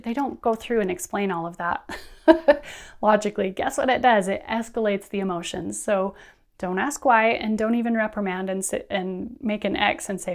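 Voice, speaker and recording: Woman giving brisk teacher-training advice. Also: mid-range voice, gravelly. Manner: friendly, brisk, acts out classroom quotes. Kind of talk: instructional talk.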